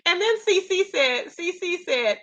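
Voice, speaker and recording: A woman's voice: very high-pitched, expressive, a little slow, pushed and bright. A woman hosting her own channel, chatting casually and laughing often as she recaps online gossip. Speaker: commentary channel host.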